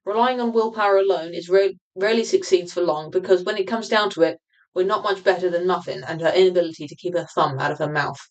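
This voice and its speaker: A woman reads aloud from her own nonfiction book for a livestream audience. Her voice sits on the low side, and she keeps a steady, explanatory pace, now and then backing up to restart a word. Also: highs cut off. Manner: measured, explanatory reading with occasional restarts.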